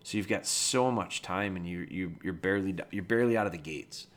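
A middle-aged man hosting a dog training podcast, talking in a relaxed, plainspoken, matter-of-fact way. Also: low-pitched, fairly quick. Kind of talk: casual advice talk.

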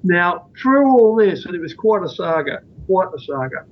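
A man's voice: sits high, big pitch swings, moderate pace, slight background noise. A man being interviewed as a guest author, telling a long anecdote in a rambling, earnest way. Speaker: guest, author on out-of-body experiences. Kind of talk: storytelling in a podcast interview. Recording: dull lo-fi recording.

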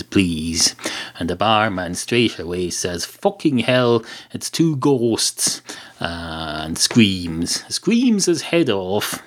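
A man with an Irish accent rambling through a sweary comic monologue as a podcast host. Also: sits low. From Ireland. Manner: sweary, ranting, full of fillers.

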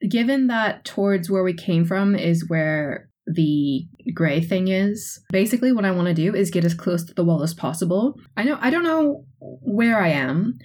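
A woman's voice: lowish voice, darkish tone. A woman playing a tabletop game, thinking aloud about what her character does. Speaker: player.

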